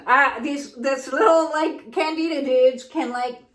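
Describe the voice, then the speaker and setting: A woman's voice: sits high, unhurried, a bit bright, rough recording. A woman talking casually in a wellness vlog, frank and jokey, swearing freely. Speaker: wellness vlogger. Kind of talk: casual health vlog talk.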